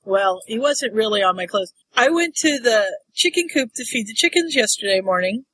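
Podcast co-host, woman, higher voice, acts out voices mid-story. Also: lively intonation, moderate pace, fairly bright tone, husky, low-quality recording. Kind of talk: casual chat, storytelling.

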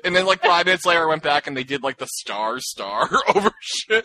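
A man in casual chat, enthusiastic and excitable, ranting in a quick back-and-forth. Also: on the high side.

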